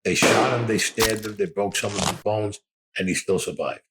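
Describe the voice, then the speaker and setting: An older man from Brooklyn, New York, with a Brooklyn accent, bluntly recounts stories from his youth in an interview. His voice is fairly low at normal speed, gruff and full of swearing, with a noisy background.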